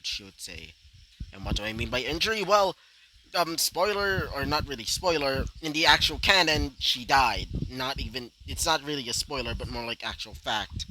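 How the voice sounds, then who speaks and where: Casual fan-fiction narrator, male, rambling with asides, bright tone. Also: mid-range voice, lively intonation, moderate pace, slight background noise, low-quality recording. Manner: rambling, filler-heavy, ranting asides.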